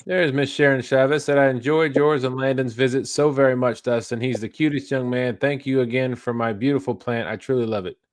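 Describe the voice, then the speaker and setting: A man's voice: mid-range voice, fairly even intonation, fairly quick, hardly any pauses, no echo. A man, co-hosting a fishing livestream, reading viewer comments aloud in an easygoing way and laughing between them. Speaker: livestream co-host reading chat.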